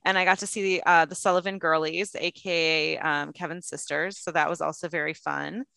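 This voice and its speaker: A young woman co-hosts a casual podcast, upbeat and encouraging, and giggles easily. Her voice is bright and forward but sits a little low. The sound is dry and close, with no echo. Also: steady tone, fairly quick, gravelly, clean tone. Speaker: podcast co-host. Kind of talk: casual chat.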